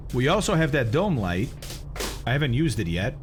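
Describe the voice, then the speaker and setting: A man live-streaming a flight simulator, chatting casually with viewers and explaining instrument approaches while eating, often clearing his throat. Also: mid-range voice, sing-song, normal speed, over music. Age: adult, has kids.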